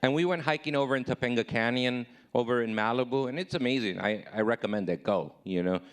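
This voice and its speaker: Man, 30s, stand-up comic, mid-pitched voice, self-mocking delivery, leaps up in pitch for his own comebacks. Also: fast. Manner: self-deprecating, swings high and loud when acting out his own replies. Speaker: stand-up comedian. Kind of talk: live stand-up comedy set.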